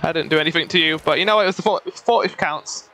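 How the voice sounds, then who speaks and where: A woman's voice: deep voice, fast, fairly bright tone. A young woman chatting casually over her gameplay, laughing often and talking back to the game and her chat. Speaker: streamer. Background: faint game music.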